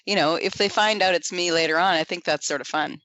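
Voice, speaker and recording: A woman business owner on a panel, upbeat and quick to laugh. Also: lowish voice, a bit bright, no echo. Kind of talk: casual panel talk.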